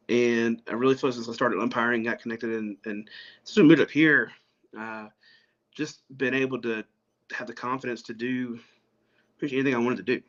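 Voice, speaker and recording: A man's voice: medium pitch, fairly bright tone, highs cut off. Rambling man with many fillers. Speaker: guest, pastor and umpire. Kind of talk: casual interview chat.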